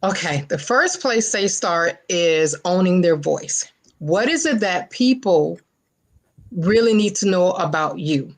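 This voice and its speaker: A woman's voice: on the low side, animated, slow pace. Emphatic motivational woman guest. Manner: emphatic, motivational, repeats phrases for stress. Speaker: talk show guest, publicist. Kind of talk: casual interview chat.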